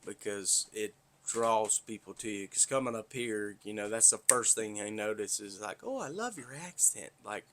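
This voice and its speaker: Casual podcast host, a Southern-accented man with a lowish voice, blunt and profane, rambling. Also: little pitch movement, moderate pace, fairly bright tone, slight background noise. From north Florida. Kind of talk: casual monologue.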